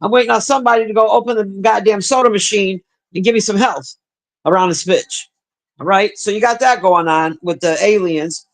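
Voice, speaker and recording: A man's voice: high-pitched, a little fast. A man livestreaming, chatting casually and crudely with his viewers in a rambling way. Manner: profane, chatty, talks to the chat. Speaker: livestream host.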